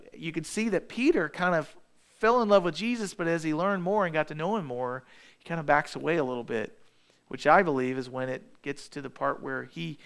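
A man delivers a sermon in a relaxed, conversational storytelling manner. His voice sits a little higher than most men's. He often stumbles and restarts his phrases as he goes. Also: clear, resonant tone. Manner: casual storytelling preaching with restarts. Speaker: preacher.

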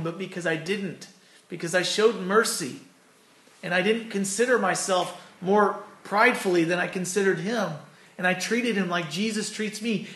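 A man's voice: sits high, a bit bright. A man preaching an earnest, conversational sermon with personal stories, then closing in prayer. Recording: echoey room.

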